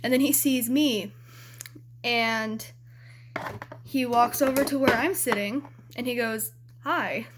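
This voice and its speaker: A young woman with a fairly high voice tells a story to camera in a loose, chatty vlog. She giggles often and swears without a second thought. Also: slow pace, long pauses, background noise. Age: young adult. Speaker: vlogger.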